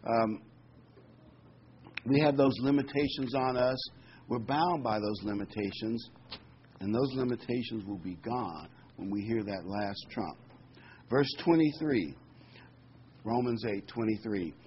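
A male preacher delivers a sermon at a middling pitch, shifting between emphatic scripture reading and loose, folksy asides. The recording is a little dull, with a faint hiss behind him. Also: measured pace, long pauses. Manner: conversational, folksy asides with fillers; reads scripture with rising emphasis.

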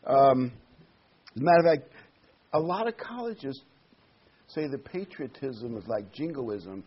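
A man preaching a sermon, emphatic, stressing single words with sudden loud peaks. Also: on the high side, expressive, a little slow, husky, lo-fi sound.

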